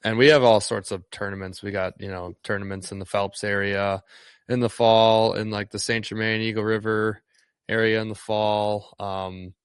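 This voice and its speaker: A man from Northeast Wisconsin with a lowish voice, chatting loosely about his guiding work, full of ums and false starts. The sound is dry and close, with no room around it. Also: normal speed, clear, resonant tone, no echo. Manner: relaxed, rambling, lots of ums and restarts. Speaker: fishing guide. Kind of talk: casual interview chat.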